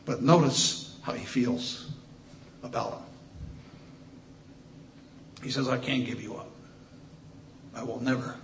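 Male preacher, mid-pitched, slow emphatic scripture reading between quicker asides, recorded in a roomy space with faint background hum. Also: fairly even intonation, vocal fry. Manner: reads scripture slowly and emphatically, asides with restarts.

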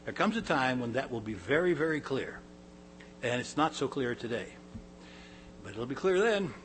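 A man's voice: mid-range voice, sing-song, normal speed, slight background noise, poor audio. Man preaching a Bible sermon. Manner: reads scripture aloud with rising emphasis, then explains plainly; conversational asides with small laughs and restarts. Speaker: pastor.

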